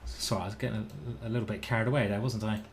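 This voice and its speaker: A man's voice: lowish voice, steady tone, racing, a little hiss or hum. A man giving casual live-stream chess commentary, thinking aloud and chatting with his viewers. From United Kingdom.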